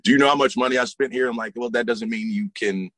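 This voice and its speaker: Relaxed man telling bouncer stories. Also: medium pitch, fast talker, a little hiss or hum. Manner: laid-back storytelling with frequent fillers and laughs. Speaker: interview guest, former bouncer. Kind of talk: casual conversation.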